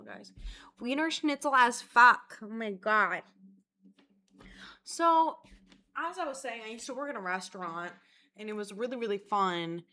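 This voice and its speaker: A young woman from Florida rambling through a casual storytime vlog, chatty and self-mocking, swearing constantly. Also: on the low side. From Florida, USA. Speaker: vlogger.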